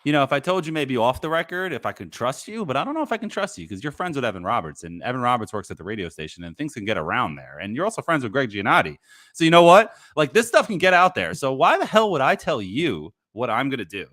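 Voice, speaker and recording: A man's voice: very animated, quick pace, dry recording, studio quality. A man playing a defensive, evasive male basketball team executive on a remote call. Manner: evasive and combative, rising loud and high when worked up.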